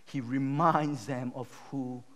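A male pastor preaching a sermon, retelling a Bible story with loud emphatic peaks and low, slow, quiet appeals. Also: fairly even intonation. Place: church sanctuary. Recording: long hall reverb.

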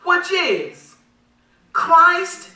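A woman pastor delivers a sermon in a high, bright voice, pressing questions that the congregation answers back. She laughs lightly as she preaches. The sound carries a roomy echo from a mic set some distance away. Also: very animated, drawn-out words. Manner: emphatic call-and-response preaching. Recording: echoey hall, mic at a distance.

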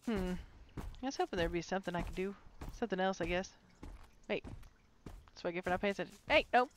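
Woman gamer streaming, teasing and yelling at the monster, cusses a lot, average pitch. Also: fast talker, a little hiss or hum. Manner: playful taunting, swears, shouts squeaky calls at a monster. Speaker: game streamer. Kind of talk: live gameplay commentary.

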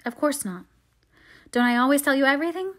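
A woman's voice: sits high, lively intonation, brisk, voice pushed up. A woman reading aloud as a remorseful teenage girl confessing to her mother. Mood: earnest. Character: young woman, sixteen-ish, sweet and remorseful.

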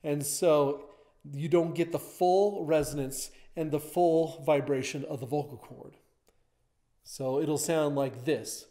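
A man's voice: on the high side, fairly even intonation, takes it slowly, dark tone. A man teaching a vocal lesson, explaining step by step as he points to a diagram.

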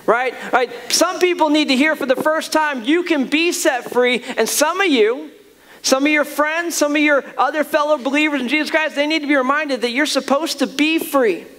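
A man with a strikingly high voice preaches to his congregation. He is earnest and emphatic, circling back and restarting phrases as he drives each point home. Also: normal speed, fairly bright tone. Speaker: pastor. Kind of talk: sermon.

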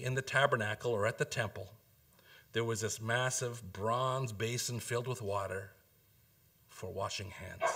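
A man's voice: medium pitch, fairly bright tone. Earnest male pastor preaching. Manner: earnest, emphatic teaching with rhetorical questions. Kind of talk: sermon.

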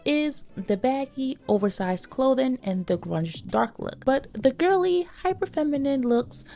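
Woman fashion vlogger, recovering from a cold, mellow and bubbly. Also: sits high, unhurried. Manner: bubbly, lively greetings to viewers. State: getting over a cold. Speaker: fashion YouTuber. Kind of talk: casual scripted vlog narration.

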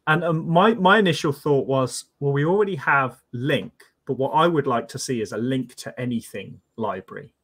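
A British man chatting on a video call, explaining ideas step by step with a slightly husky voice. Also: mid-range voice, moderate pace, few pauses, a bit bright. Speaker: guest developer. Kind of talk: casual chat on a video call.

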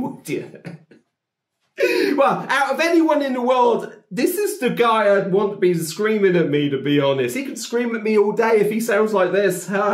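A man reacting to a song with excited, gushing commentary, laughing often and breaking into shouts. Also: high-pitched. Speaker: music reaction video host. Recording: echoey room, song playing faintly. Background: faint music.

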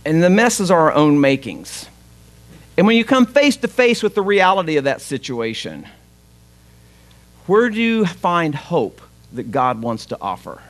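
A man's voice: fairly high pitch, big pitch swings, unhurried. A man, preaching a sermon as pastor, retelling a story in a conversational way and voicing the father's lines.

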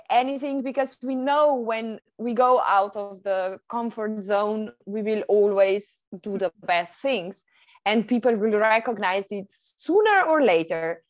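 Woman host, slightly high voice, very slow, dull and dry lo-fi sound. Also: no room sound. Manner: slow, deliberate, encouraging questions. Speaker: podcast host. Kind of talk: podcast interview questions.

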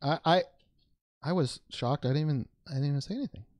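A man's voice: fairly high pitch, quick pace, darkish tone, dry recording. A man hosting a trading card unboxing video, talking casually as he opens packs, rambling and joking with playful made-up words.

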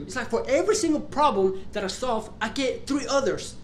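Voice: mid-range voice, lively intonation, brisk, few pauses, a little hiss or hum. A young adult vlogger casually telling a story, swearing a lot, rambling and restarting, sounding exasperated. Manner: profane, rambling, exasperated retelling with frequent restarts. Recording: roomy echo, faint background ambience.

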